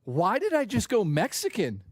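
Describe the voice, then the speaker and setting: Animated, foul-mouthed male streamer. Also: high-pitched, normal speed, husky, dry recording. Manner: animated, profane, joking with chat. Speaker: gaming streamer host. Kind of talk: casual live-stream chat.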